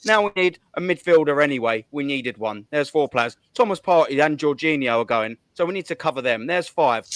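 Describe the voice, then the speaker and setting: A man's voice: fairly high pitch, dry recording. A man, hosting a heated fan rant, swearing a lot and hammering his points home. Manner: fast, swearing, repetitive counting. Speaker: host.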